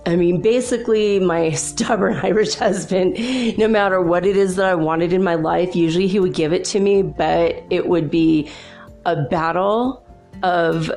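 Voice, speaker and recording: A woman's voice: on the low side, moderate pace, soft background music. Chatty laughing woman telling a story. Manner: animated, laughs often, chatty. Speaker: host. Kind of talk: casual spiritual storytelling.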